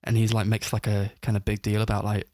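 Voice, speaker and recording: A man's voice: fairly low pitch, completely flat delivery, quick pace, a little mellow, dry recording, clean studio sound. A man co-hosting a casual film review podcast, retelling scenes in a rambling way full of fillers and laughing as he goes. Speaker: podcast co-host.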